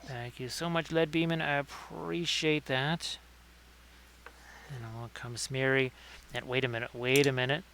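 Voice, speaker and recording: A man's voice: medium pitch, steady tone, a little slow, vocal fry, fairly bright tone. A man hosting a casual livestream painting tutorial, chatting with viewers by name between painting tips. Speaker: miniature painting streamer.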